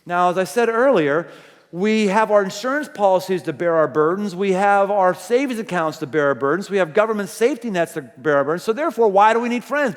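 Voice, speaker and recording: High-voiced preaching man, hall reverb. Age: middle-aged. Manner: conversational storytelling, acts out quoted voices. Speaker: pastor. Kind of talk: sermon. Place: large church auditorium. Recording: long reverb of a large hall.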